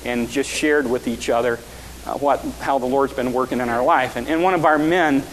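A man's voice: medium pitch, fairly even intonation, normal speed, in a large hall, slight background noise, low-quality recording. A male pastor giving an earnest sermon in a church, often restarting and repeating his words.

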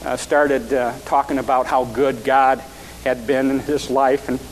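A man's voice: medium pitch, little pitch movement, measured pace, big-room sound, slight background noise, low-quality recording. A male pastor giving an earnest sermon in a church, often restarting and repeating his words.

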